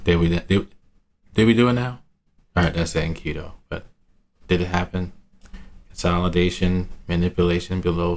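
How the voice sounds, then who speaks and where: A deep-voiced male trading analyst gives a casual, rambling screen-share market review with slight background noise. He talks to himself in American urban slang and laughs at his own asides.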